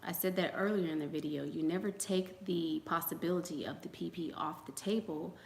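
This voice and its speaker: A woman with a gravelly, darkish voice on the low side hosts a casual livestream at a fairly quick pace, in an echoey room with slight background noise. She chats with viewers and tells gossipy stories, acting out quotes and wandering into fillers and trailing asides.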